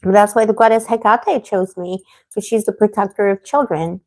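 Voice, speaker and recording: A woman hosting a tarot live stream, talking in a loose, rambling way. She answers viewers by name and gets heated and outspoken as she vents. Her pitch sits in an ordinary middle range for a woman. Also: steady tone, moderate pace. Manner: rambling, getting heated and venting. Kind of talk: casual livestream chat answering viewers.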